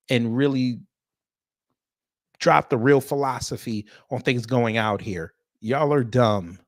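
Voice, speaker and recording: A man at an ordinary middle pitch, talking through a casual commentary chat. He is blunt and mocking, uses a lot of slang and some swearing, and keeps turning to address the audience directly. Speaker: host.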